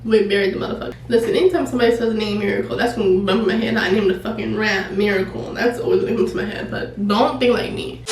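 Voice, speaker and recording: A woman YouTuber telling a casual storytime, animated and profane, laughing often. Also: fairly high pitch. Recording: echoey room, distant mic, faint noise.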